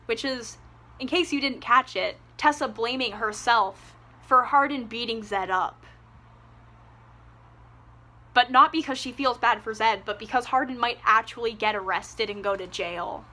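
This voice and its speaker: Young woman ranting about a book, fairly high voice, sarcastic, swears a lot. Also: normal speed, bright, forceful tone. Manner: exasperated, sarcastic, swears freely. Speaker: book reviewer. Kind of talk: ranting casual book review.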